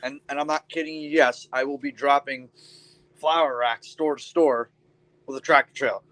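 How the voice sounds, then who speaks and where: A man's voice: mid-range voice, steady tone, moderate pace, fairly bright tone, rough recording. A young man hosting a casual trucker chat room, talking in a laid-back way with lots of ums and casual swearing.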